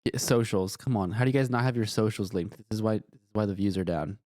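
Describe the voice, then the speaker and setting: A man's voice: lowish voice, quick pace, darkish tone, no room sound, clean studio sound. A man streaming, reacting to videos with wry, profane asides while browsing. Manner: wry, swearing, talks to himself while browsing.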